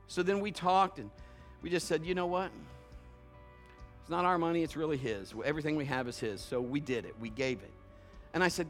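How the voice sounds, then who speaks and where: Middle-aged male preacher, slightly high voice, dramatic loud-soft delivery, faint music bed. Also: a little fast. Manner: animated, swings between hushed and loud, acts out dialogues with God. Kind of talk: sermon.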